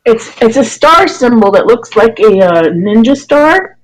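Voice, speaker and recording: A woman narrating a tabletop game as dungeon master, pausing often to find her words. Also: on the high side, big pitch swings, poor audio. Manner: hesitant, many fillers and restarts while describing.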